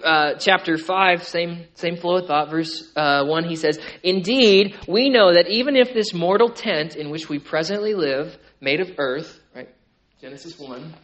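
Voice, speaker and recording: Male pastor, conversational sermon, fairly high voice, keeps tagging "right?", loud emphatic peaks, soft hushed asides. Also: rough recording. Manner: swings from loud emphatic passages to quiet, low asides.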